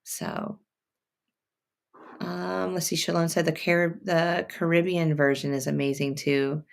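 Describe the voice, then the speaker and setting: A woman's voice: low-pitched, level tone, unhurried, creaky. A woman hosting a sewing live stream, chatting and reading viewer comments aloud as she works. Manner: thinks out loud, many fillers and restarts. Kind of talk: casual live-stream chat.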